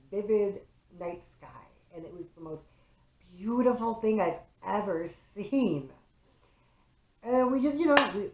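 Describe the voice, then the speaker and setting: A young woman from Chicago vlogging a casual, profane, animated storytime. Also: mid-range voice. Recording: roomy echo.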